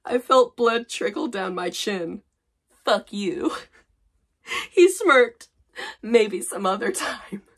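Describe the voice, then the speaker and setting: A woman's voice: mid-range voice, a bit bright. Woman in her twenties, sarcastic vlogger reading old fanfic, self-mocking. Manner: sarcastic, exasperated, laughing at herself.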